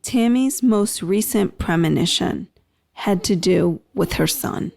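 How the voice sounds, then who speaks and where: Host: unhurried woman with a gravelly edge, reading scripted links. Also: on the low side, darkish tone. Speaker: podcast host. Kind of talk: scripted narration.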